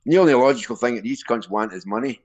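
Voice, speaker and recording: A man's voice: mid-range voice, fast talker, darkish tone, highs cut off. A man with a Scottish accent chatting casually, rambling and swearing as he tells jokes. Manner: sweary, rambling joke-teller. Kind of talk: casual street chat.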